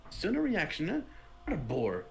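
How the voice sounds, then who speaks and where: A woman's voice: deep voice, huge pitch swings, normal speed, creaky, a little mellow, soft background music, full character voice. A woman voicing a nosy, sly male gossip with a put-on, wavering Cockney-style accent, reading game dialogue. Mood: bored.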